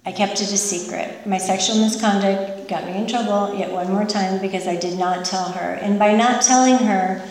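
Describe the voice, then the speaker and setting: Woman, recovery meeting speaker, candid, emotional, flat delivery, distant mic, long reverb. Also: mid-range voice. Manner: candid, emotional, halting with fillers. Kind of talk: personal testimony. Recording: echoey hall from far off.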